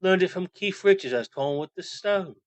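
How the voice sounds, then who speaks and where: A man voicing a boastful, unflappable middle-aged British rock roadie who tells wild tales in a deadpan way. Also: high voice, normal speed, no echo, pitched above the performer's own voice. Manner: deadpan tall-tale telling.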